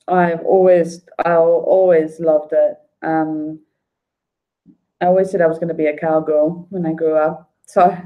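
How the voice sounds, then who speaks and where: South african lady rambling on her stream, lots of ums, lowish voice. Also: darkish tone, rough recording. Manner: chatty and rambling, with many fillers. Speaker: livestreamer. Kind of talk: casual livestream chat.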